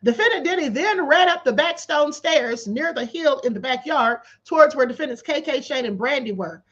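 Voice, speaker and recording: A woman's voice: high voice, expressive, normal speed, a bit bright, dull audio. A woman hosting a livestream, reading a court filing aloud and picking it apart with sarcastic, disbelieving commentary. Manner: incredulous and sarcastic, laughing in disbelief. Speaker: livestream host. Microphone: livestream setup.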